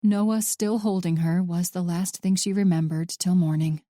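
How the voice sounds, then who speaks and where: A woman narrating a thriller audiobook in a measured, even storytelling manner. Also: fairly low pitch, no echo, studio quality.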